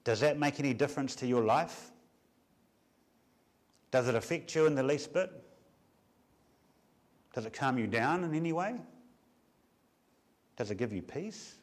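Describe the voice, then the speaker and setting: A man, a pastor, preaching a Sunday afternoon sermon with measured emphasis and many rhetorical questions. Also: medium pitch.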